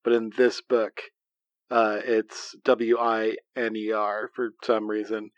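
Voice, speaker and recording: A man's voice: lowish voice, little pitch movement, takes it slowly, dull audio, a little hiss or hum. A man reading a children's gamebook aloud to friends, chuckling between passages. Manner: reads narration aloud, laughs between lines. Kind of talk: reading aloud with casual chat.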